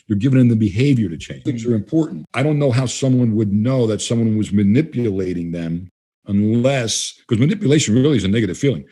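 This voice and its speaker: A man's voice: on the low side, animated, fast talker, dark tone, slightly rough. A man guesting on an interview, talking bluntly and emphatically and acting out bits of dialogue. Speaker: guest trainer. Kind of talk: casual interview talk.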